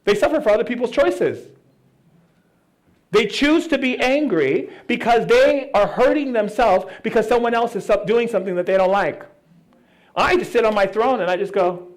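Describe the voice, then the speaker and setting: A man's voice: high-pitched, expressive, fairly quick. A man giving a spiritual talk at an expo, playful and laughing as he acts out little voices. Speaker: spiritual speaker. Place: expo lecture hall.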